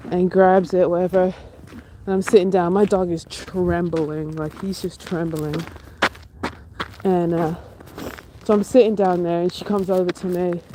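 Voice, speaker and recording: A vlogger streaming from a cold outdoor walk, telling a story in an animated way with startled outbursts, recorded on a handheld phone. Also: medium pitch. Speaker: livestreaming vlogger. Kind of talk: casual walk-and-talk livestream. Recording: noisy outdoor phone audio.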